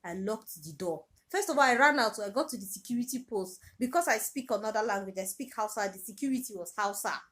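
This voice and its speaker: A woman's voice: on the high side, expressive, fast talker, hardly any pauses, a bit bright. A young Nigerian woman with a Nigerian accent, retelling a personal story in a vlog with urgent, repetitive emphasis. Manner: emotional, urgent retelling with repeated phrases. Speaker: vlogger.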